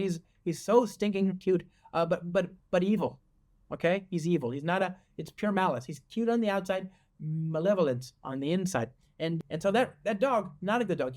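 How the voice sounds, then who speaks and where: A man with a slightly high voice hosts a casual coding tutorial. He talks in an animated, joking way and often restarts his sentences. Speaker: host and software developer advocate.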